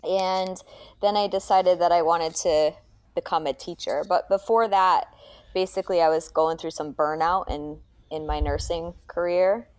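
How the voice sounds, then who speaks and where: A woman in her thirties, a yoga teacher and nurse, chatting as a podcast guest in a relaxed, candid and slightly wry way. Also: fairly low pitch, unhurried, dry recording. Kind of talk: casual interview chat.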